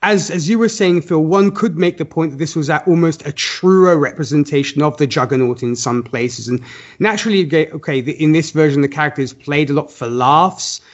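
A man hosts a casual film discussion and steers the conversation with questions. His voice sits fairly high. The sound is slightly dull and lo-fi. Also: brisk. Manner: leads the talk, asks co-hosts questions. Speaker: podcast host.

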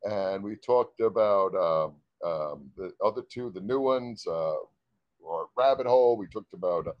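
A man's voice: on the low side, animated, measured pace, no room sound, dull audio. A man chatting as a guest in a casual interview, stumbling over words and laughing at his own slips. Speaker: guest musician.

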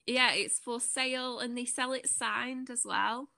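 A woman's voice: fairly high pitch, fairly even intonation, measured pace, gravelly, a crowd in the background. A woman with a slight Manchester twang co-hosting a podcast in casual, plain-spoken, self-deprecating chat. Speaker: podcast co-host.

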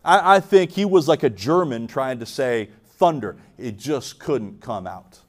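A man's voice: medium pitch, expressive, measured pace. A man delivering a sermon as pastor, earnest, with frequent restarts and questions put to the congregation. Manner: earnest, repeats words while restarting, asks the congregation questions.

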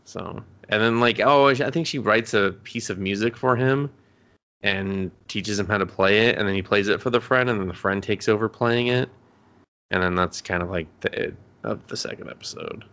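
A man's voice: on the low side, moderate pace, fairly bright tone. A man co-hosting a casual podcast, rambling through an anime recap, swearing a lot and acting out the characters' lines. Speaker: podcast co-host.

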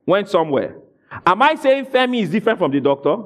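Animated preacher, high lively voice. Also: male voice, quick pace. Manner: animated preaching, calls out questions to the congregation, bursts into shouts. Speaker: pastor. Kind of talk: sermon.

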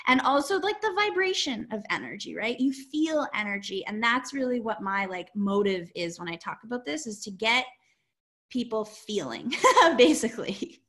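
A woman guest talking through her approach to astrology. Her voice sits a little high for a woman and sounds bright. She is animated, laughs easily, and slips into playful quoted voices. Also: moderate pace. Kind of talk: explaining in an interview.

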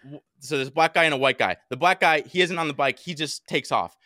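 A young man telling a story in casual podcast chat, animated and swearing a lot. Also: on the high side, fairly quick, no room sound, studio quality. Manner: animated, heavy swearing, acts out his own shouts. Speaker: podcast co-host.

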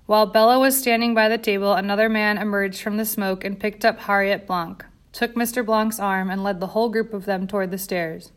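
Woman audiobook narrator, steady, dramatic delivery. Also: medium pitch, a little fast, hardly any pauses.

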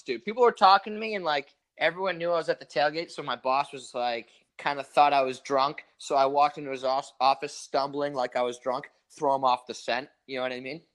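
A man's voice: on the high side, steady tone, brisk, hardly any pauses, a bit bright. Laid-back profane young man telling stories. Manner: rambling, profane, laid-back, acts out quotes. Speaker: podcast co-host. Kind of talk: casual storytelling chat.

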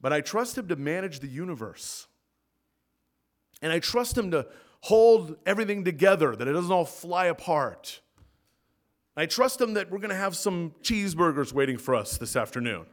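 A man preaching a sermon as pastor in a church, swinging between loud emphatic peaks and soft low asides. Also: animated, normal speed. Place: church sanctuary.

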